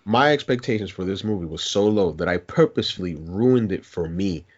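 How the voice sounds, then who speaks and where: A man's voice: sits low, expressive, brisk, darkish tone. A man co-hosting a podcast in casual chat, a chatty storyteller who corrects himself as he goes. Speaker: podcast co-host. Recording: dull lo-fi podcast recording.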